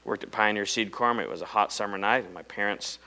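A middle-aged preacher from Iowa tells a story in sermon form, full of drama, moving back and forth between loud stresses and soft, low lines. He talks fairly quickly, and the recording is low quality.

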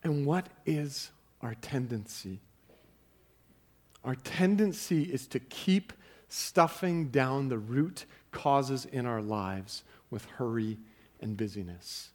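A man's voice: medium pitch, slow, darkish tone. A man preaching a sermon in a conversational way, often repeating words as he starts a sentence. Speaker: pastor.

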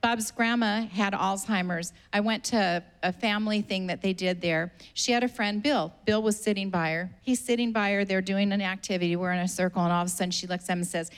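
Female pastor preaching, mid-pitched voice, emphatic and repeating herself for stress. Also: a little fast, clean tone. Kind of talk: sermon.

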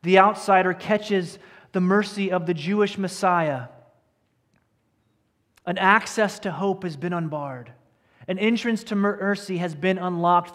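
A man preaching a sermon as pastor to his congregation, earnest and emphatic, sometimes sinking to a hushed tone. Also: high voice. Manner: earnest preacher, dropping to a hush at key lines. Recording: church hall with long reverb.

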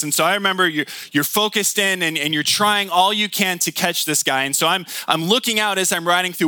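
A man's voice: sits high, moderate pace, few pauses, bright, forceful tone, no echo. A man in his thirties preaching a conversational sermon, often asking the listeners questions. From Michigan. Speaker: pastor.

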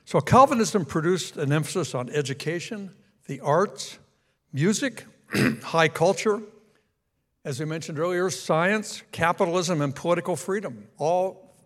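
Male Sunday school teacher, light higher voice, casual lecturing with asides to the class. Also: animated, a little slow. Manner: conversational, asks the class questions, points at a map. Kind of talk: church history lecture.

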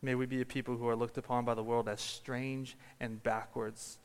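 A man's voice: medium pitch, little pitch movement, normal speed, clean tone. Preacher man in a reverberant hall. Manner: storytelling, builds to shouted climaxes. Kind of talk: sermon. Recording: long reverb of a large hall.

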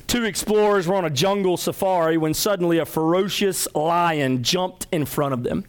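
A male pastor preaching a midweek sermon, telling stories with lively acted-out quotes. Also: high voice, normal speed, clear, resonant tone. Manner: animated storytelling with acted-out quotes.

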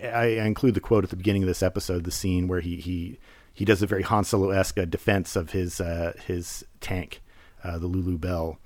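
A man's voice: lowish voice, no echo. Rambling man hosting a podcast. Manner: rambling, many fillers and restarts. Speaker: podcast host. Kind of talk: casual solo commentary.

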